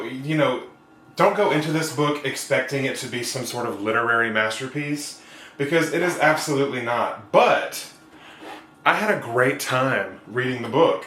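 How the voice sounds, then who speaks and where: An upbeat man talks to his viewers while cooking, joking as he goes. His voice is bright and forward. The sound carries a roomy kitchen echo with a faint hiss behind it. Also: medium pitch, moderate pace. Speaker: YouTube vlogger and writer. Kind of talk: casual chatty vlog while cooking. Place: home kitchen.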